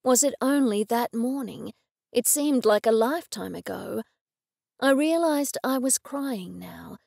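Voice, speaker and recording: Woman narrating with a gravelly, close sound. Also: fairly high pitch, animated, measured pace, darkish tone, dry recording. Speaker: audiobook narrator. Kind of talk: first-person audiobook narration.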